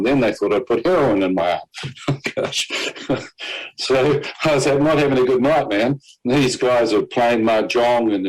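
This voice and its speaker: A man with a lowish voice tells his story of nearly dying. He gets animated, slips into other people's voices for their lines, and chuckles at his own bad luck. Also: poor audio. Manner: animated storyteller, quotes others in character, laughs at himself. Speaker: guest telling his testimony. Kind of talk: personal testimony storytelling.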